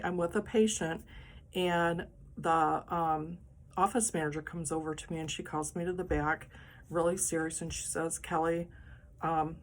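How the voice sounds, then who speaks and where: A middle-aged woman, the host, telling a personal story in a casual, animated and dramatic way. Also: lowish voice.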